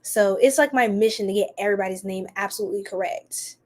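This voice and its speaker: A woman's voice: mid-range voice, fast. A woman hosting a live tarot reading for her stream, chatty and sassy, greeting viewers by name and exclaiming at the cards. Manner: animated, exclaims often.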